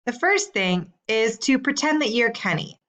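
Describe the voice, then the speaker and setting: A woman teacher reading out homework questions in a slow, clear, deliberate way. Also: a little high, sing-song, fairly bright tone, muffled recording. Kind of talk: recorded assignment instructions.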